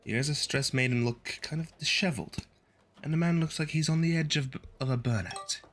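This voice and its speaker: A man's voice: a little high, fairly quick, a bit bright, slight background noise. A male streamer reading a video game's story text aloud and adding wry, sardonic asides.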